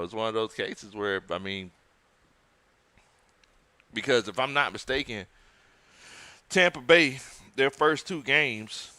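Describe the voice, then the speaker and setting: Bright-voiced man hosting a laid-back stream. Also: fairly low pitch, smooth, no echo. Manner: reads viewer comments aloud, laid-back. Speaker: livestream host. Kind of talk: casual watch-party commentary.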